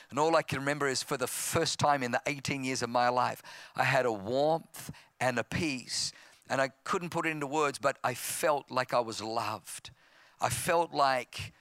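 With a medium-pitched voice and a clean, echo-free studio recording, a fifty-something Australian pastor shares his testimony during a sermon. He tells it as a story, acting out the voices, and becomes loud and impassioned.

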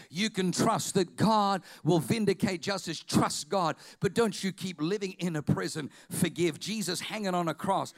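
A man preaching a fervent sermon as pastor, swinging between shouted declarations and quiet asides. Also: high voice, normal speed, few pauses.

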